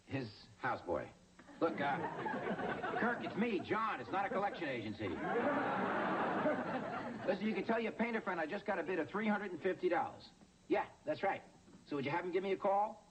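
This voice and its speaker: A man's voice: high voice, expressive, brisk, long pauses, a loud crowd, very noisy. An actor playing a flustered middle-aged man who stammers and jokes his way through awkward moments, in a sitcom. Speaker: lead character. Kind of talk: sitcom acting. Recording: sitcom audio with studio audience laughing.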